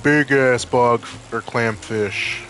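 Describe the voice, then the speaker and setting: A man's voice: medium pitch, slow, a bit bright, soft background music, rough recording. A man chatting casually as he streams a game, rambling and joking and saying "like" a lot. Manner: rambling and jokey, leans on "like". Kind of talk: casual live-stream chatter while gaming.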